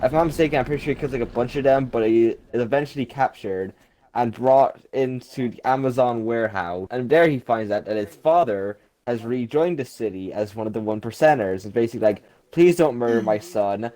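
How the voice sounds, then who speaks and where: A man's voice: medium pitch, brisk, mellow, low-quality recording. A man retelling game lore casually, with an irreverent, jokey manner and frequent swearing. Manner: irreverent, jokey, swears often, many fillers. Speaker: lore video narrator. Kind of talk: casual storytelling.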